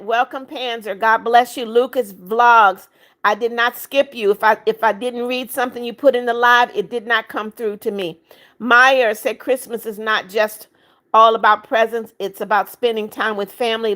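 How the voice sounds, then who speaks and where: A woman's voice: fairly high pitch, fairly bright tone. A woman in her seventies hosting a livestream, reading out chat comments, pleading for likes and subscribes, and bluntly scolding rude viewers. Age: 70s. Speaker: livestream host.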